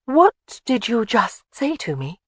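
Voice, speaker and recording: A narrator puts on a proud young bride from a storybook. She talks quick and lifted, full of spirit. The recording is dry and close. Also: extremely high pitch, wildly swooping pitch, dry recording, voice pushed up, heavily acted.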